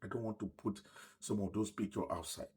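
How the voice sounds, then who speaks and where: A man's voice: lowish voice, a little fast. Man earnestly recounting his own story. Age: middle-aged. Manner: earnest, emotional retelling, often dropping to a hushed voice. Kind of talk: personal story told to camera.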